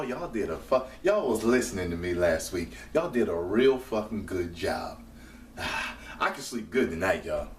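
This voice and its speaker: A man reviewing a wrestling show live as he watches, profane and prone to loud excited outbursts. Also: fairly low pitch, reverberant, recorded from a distance. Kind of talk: live reaction commentary.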